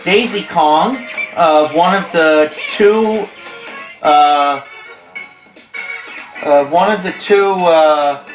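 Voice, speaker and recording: A man's voice: a little high, very slow, pauses often. A man with a stuffy nose giving playful, jokey play-by-play of a video game, often correcting himself. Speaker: host, play-by-play commentator. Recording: roomy sound with music behind. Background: game music.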